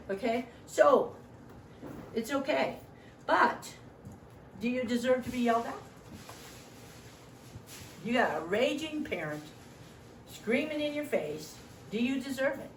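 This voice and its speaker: A woman's voice: on the high side, measured pace, pauses often, reverberant, distant mic, a little hiss or hum, poor audio. A middle-aged woman training volunteers in a meeting room, joking often and acting out what other people say. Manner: animated, joking, acts out quoted voices.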